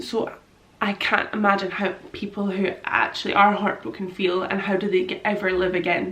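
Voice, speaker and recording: Tearful young woman, flat delivery. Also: mid-range voice, reverberant, low-quality recording. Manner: rambling, many fillers, quotes her own thoughts. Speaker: vlogger. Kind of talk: personal story told to camera.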